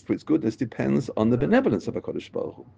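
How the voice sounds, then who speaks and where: A man giving a religious lecture with a deeply gravelly, dark voice. His pitch swings widely as he presses his points, circling back and repeating phrases. The recording sounds muffled and lo-fi. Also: very fast, a little hiss or hum. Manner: animated, repetitive, emphatic. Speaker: Torah teacher.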